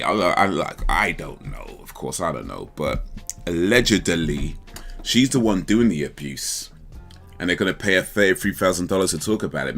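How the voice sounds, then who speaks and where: A man's voice: deep voice, a bit bright. A man hosting a casual livestream chat, rambling, laughing and trailing off mid-thought. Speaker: livestream host.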